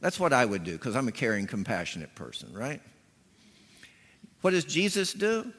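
A man's voice: medium pitch, wildly swooping pitch, normal speed, a bit bright, husky. A man preaching a sermon as a pastor, telling stories and acting out voices with punchy emphasis. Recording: long hall reverb.

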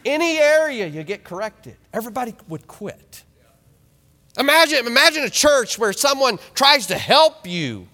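A man in his thirties preaching a sermon in a church, animated and joking with the congregation. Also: very high voice, moderate pace. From small ranching town. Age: 30s. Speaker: pastor. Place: church sanctuary. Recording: long reverb of a church hall.

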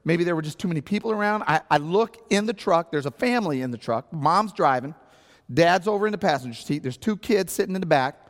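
A man's voice: a little high, expressive, a little fast. A man preaching as a pastor, telling a story with acted-out outbursts and a conversational sermon delivery. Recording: long hall reverb.

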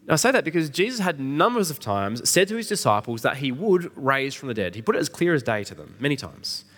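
Animated man preaching an Easter sermon. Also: mid-range voice, a little fast. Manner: conversational, asks the congregation questions. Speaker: pastor.

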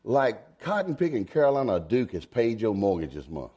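A man, preaching a folksy sermon. He swings from low asides to high, emphatic exclamations. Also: big pitch swings, normal speed, mellow, slight background noise. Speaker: pastor.

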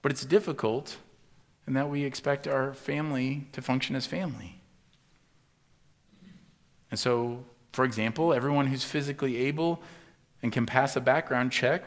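A man preaching a sermon as pastor, acting out the voices of the people he quotes and swinging from loud to hushed. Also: mid-range voice, normal speed.

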